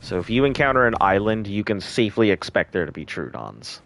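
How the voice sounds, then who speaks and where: Low-voiced male streamer, casual, mutters under his breath as he plays. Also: big pitch swings, a little fast, creaky. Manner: mutters quietly to himself while playing. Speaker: game streamer. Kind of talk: casual gameplay chat.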